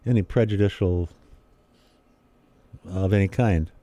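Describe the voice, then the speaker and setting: Chatty man guest, low mellow voice, dry close sound; tells stories and slips into quoted voices. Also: unhurried, no echo, highs cut off. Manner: chatty storyteller, acts out quoted voices with laughs. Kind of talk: casual conversation.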